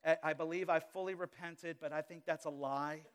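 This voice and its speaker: Higher-voiced preacher swinging loud and soft. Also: male voice, fairly even intonation, a little fast, clean tone. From Louisiana, US. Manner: dynamic preaching, swings between loud emphasis and quiet asides; humorous confessional asides. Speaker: pastor. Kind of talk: live sermon. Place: church sanctuary before a congregation.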